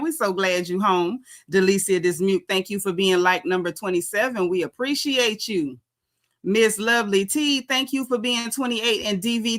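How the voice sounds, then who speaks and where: A woman's voice: on the high side, sharp tone. A woman hosting a casual live chat, greeting viewers by name in a sassy, chatty way. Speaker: livestream host.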